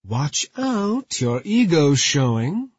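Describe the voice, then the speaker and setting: A man's voice: a little high, very animated, breathy edge, no room sound, heavily acted. A man reading aloud, voicing a blunt, teasing 22-year-old actress in a raised voice. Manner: teasing, quick to apologize. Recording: slightly muffled dry recording.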